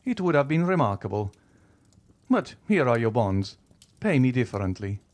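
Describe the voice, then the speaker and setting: A man voicing a wealthy, suave nobleman in an audiobook, speaking with smooth, mocking courtesy. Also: mid-range voice, sing-song, normal speed, darkish tone, natural voice. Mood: ironic. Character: wealthy, suave, coolly ironic male nobleman. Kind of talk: audiobook character reading.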